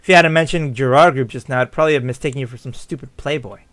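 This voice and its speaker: A man's voice: mid-range voice, rapid-fire, a bit bright, dry recording, voice pushed down, close to an everyday voice. A man voicing a blunt female combat doll who talks in a mocking, cutting way.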